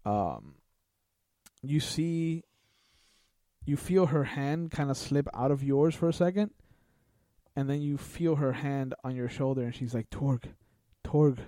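A man narrates a tabletop role-playing session as its game master. He lays out each scene in a loose, rambling way and leans on "like" and "kinda". His voice is mellow and dry, with a middling pitch. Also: animated, measured pace, no echo.

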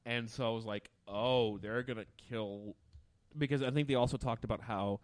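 A man's voice: mid-range voice, steady tone, moderate pace, no echo. A man co-hosting a casual podcast chat, joking and swearing. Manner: chatty, laughs at his own jokes, swears.

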